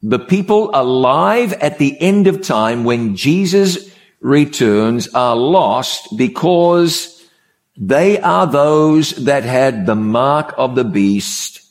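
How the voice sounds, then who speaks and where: A man's voice: mid-range voice, expressive. A man preaching a sermon, opening with a story and speaking in a conversational way, repeating key words for emphasis. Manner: conversational, repetitive emphasis, measured pauses.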